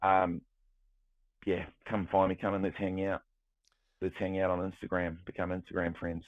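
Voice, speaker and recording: Deep new guy, rambly and animated, sounds like a dry phone line. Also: moderate pace, no room sound. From New Zealand. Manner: animated, rambling with restarts, swears freely. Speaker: guest, music producer. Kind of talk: casual chat.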